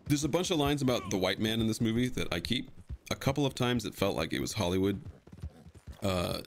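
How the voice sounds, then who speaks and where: Man, deep low voice, casual commentary, blunt, swears freely. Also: a little hiss or hum. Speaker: video creator explaining his fan edit of a film.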